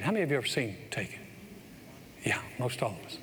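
A middle-aged man preaching a sermon as pastor, telling a story and building to excited exclamations in a church. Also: mid-range voice, fast, slight background noise. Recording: long hall reverb, faint ambience.

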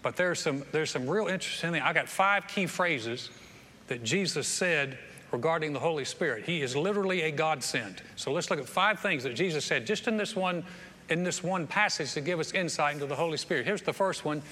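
In a reverberant church sanctuary with faint ambience and a live audience, a pastor delivers his sermon. His fairly high voice is brisk, bright, and pushed, with lively intonation, as he tells folksy, humorous stories and repeats words often.

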